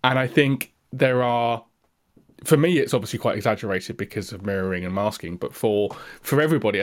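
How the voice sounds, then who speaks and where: A man with a neutral English accent co-hosting a podcast in casual chat, rambling with many restarts. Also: mid-range voice. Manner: rambling, full of fillers and restarts. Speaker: podcast co-host.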